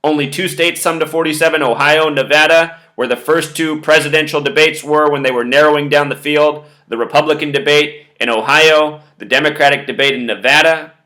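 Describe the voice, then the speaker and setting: Male host delivering a step-by-step lecture to camera; bright, sharp voice. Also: fairly high pitch, steady tone, fairly quick, few pauses. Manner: lecturing, spelling out numbers step by step. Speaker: video host. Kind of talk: monologue commentary to camera.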